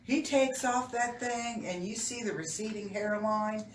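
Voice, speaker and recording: A woman's voice: a little high, a little slow. Laughing storytelling woman, roomy distant mic. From Oklahoma. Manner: storytelling, laughs often, playful. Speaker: co-host. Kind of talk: casual chat. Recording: roomy, distant mic, clear background noise.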